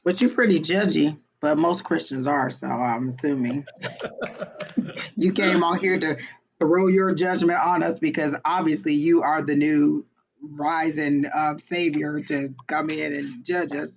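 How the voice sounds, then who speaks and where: Guy on a tarot stream, kinda high voice, dry sarcastic, trips over his words. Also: fairly even intonation, unhurried, gravelly, slight background noise. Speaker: tarot reader co-host. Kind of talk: casual live-stream chat.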